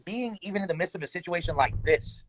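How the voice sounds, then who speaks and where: High-voiced man in stammering podcast chat. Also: lively intonation, fast, slight background noise, rough recording. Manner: stammering restarts, slangy and profane. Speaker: podcast co-host.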